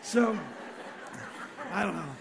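A man delivers a sermon in a loose, conversational manner, animated one moment and soft and intimate the next. His voice sits high for a man, and it carries a long reverb from a large hall. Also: takes it slowly, creaky, noisy background. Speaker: pastor.

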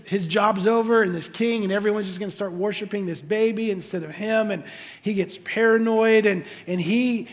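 A man delivers a sermon, his voice sitting high for a man. He talks animatedly, slipping into the voices of the people he quotes. A long reverb from the hall trails each phrase. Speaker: pastor.

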